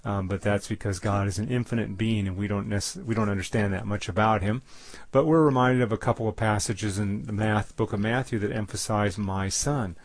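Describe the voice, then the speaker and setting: A man giving a Bible teaching, halting often with fillers and restarts. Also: on the low side, no room sound. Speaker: preacher.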